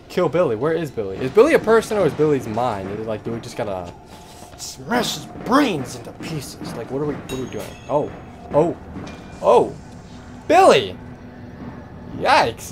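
A young man doing casual commentary over a horror game, jumpy and swearing, with frightened yelps. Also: medium pitch. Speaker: gaming YouTuber. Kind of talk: horror let's-play commentary. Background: game music.

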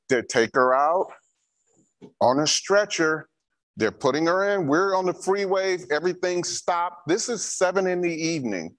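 Male church safety trainer, somewhat high voice, slow deliberate delivery, drives points home by repeating them. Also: expressive, fairly bright tone. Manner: emphatic, repeats key instructions. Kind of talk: training talk with a personal story.

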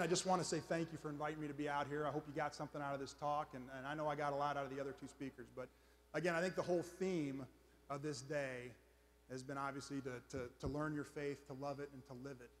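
A man's voice: on the high side, steady tone, quick pace. Man giving a talk in an echoing hall. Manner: conversational, self-deprecating, keeps checking in with "all right?". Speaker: speaker at a men's conference. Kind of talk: motivational faith talk to an audience. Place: large conference hall before a live audience. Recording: reverberant conference hall.

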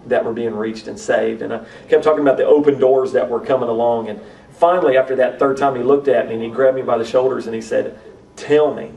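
Man telling his testimony, earnest, keeps restarting, gravelly and a bit far off the mic. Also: medium pitch, a little mellow. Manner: earnest, repeats and restarts phrases. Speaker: missionary to urban youth. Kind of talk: testimony storytelling. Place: church conference.

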